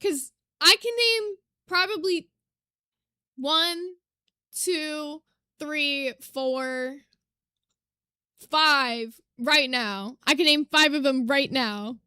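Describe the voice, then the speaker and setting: A woman's voice: sits high, very slow, long pauses, sharp tone, dry recording. A woman streamer talking casually to her chat while reacting to clips. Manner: chatty, reads chat aloud. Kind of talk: casual livestream commentary.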